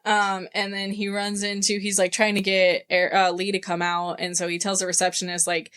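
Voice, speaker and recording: A woman's voice: medium pitch, completely flat delivery, fairly bright tone, clear, resonant tone. Casual woman retelling a book's plot. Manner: retells scenes in quick quoted dialogue, with swearing and laughs. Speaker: book club member. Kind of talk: casual book club chat.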